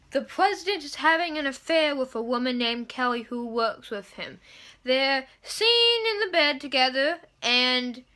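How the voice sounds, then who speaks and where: A woman's voice: sits high, sharp tone. A young woman reviewing a TV episode in a casual, gushing monologue, swearing and acting out her own reactions as she talks.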